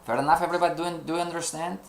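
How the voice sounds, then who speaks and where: A man's voice: fairly high pitch, fairly even intonation, rapid-fire, vocal fry. A man teaching a trading lesson live to students. He speaks non-native English, sometimes searches for words, and keeps checking understanding with "you know" and rhetorical questions. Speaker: trading instructor.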